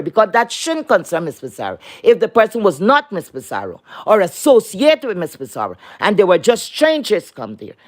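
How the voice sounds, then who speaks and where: Indignant woman ranting on a live stream. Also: mid-range voice. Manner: indignant, profane, repeats and restarts. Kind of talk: heated live-stream rant.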